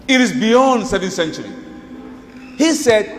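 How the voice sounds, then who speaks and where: A man telling a story in a sermon, animated and emphatic, acting out quoted dialogue in non-native English. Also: sits high, normal speed, long pauses, a little hiss or hum. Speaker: preacher. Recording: reverberant hall with faint ambience.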